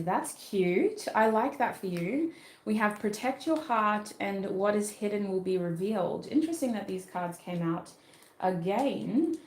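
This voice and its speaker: An Australian woman gives a relaxed, chatty tarot reading. She thinks aloud as she goes, often restarting her sentences, and her voice sits in a mid range for a woman. The recording has a noticeable echo from the room. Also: mid-range voice, slight background noise. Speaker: tarot reader. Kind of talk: casual livestream tarot reading.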